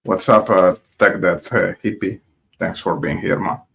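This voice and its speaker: Slow, hesitant man. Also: sits low, fairly even intonation, creaky, a bit bright, soft background music. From Colombia. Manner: hesitant, many filler pauses. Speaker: vlogger. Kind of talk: casual vlog narration.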